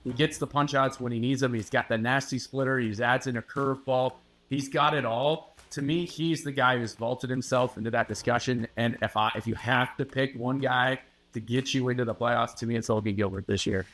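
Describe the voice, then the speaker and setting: A man, a newspaper sports reporter, giving measured, confident analysis as a guest on a casual podcast chat. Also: medium pitch, steady tone, a bit bright.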